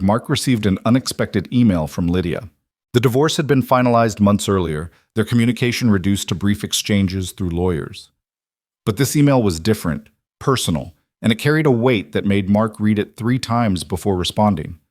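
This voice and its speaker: A man narrates a scripted drama in a calm, measured cadence. His voice sits on the low side, and the recording is dry and close, with no room around it. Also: dry recording. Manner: steady, measured storytelling.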